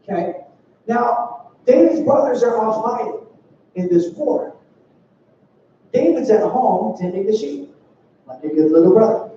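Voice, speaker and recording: A young man giving a youth sermon in a church, telling a story in an animated way with playful acted quotes. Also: sits high, unhurried, long pauses, a little hiss or hum. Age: young adult. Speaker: youth speaker. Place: church sanctuary. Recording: dull, distant, roomy church sound.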